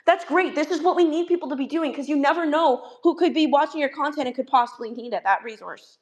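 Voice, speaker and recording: A woman's voice: high voice, fast talker. A woman giving a heated, profanity-laced callout rant as an online commentator, exasperated and blunt.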